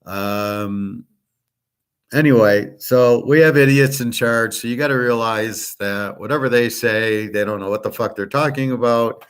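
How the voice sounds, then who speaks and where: A man's voice: mid-range voice, a little slow, clear, resonant tone. A man hosting his own channel, talking in a rambling, blunt casual monologue and swearing freely. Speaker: host of a picks and markets channel.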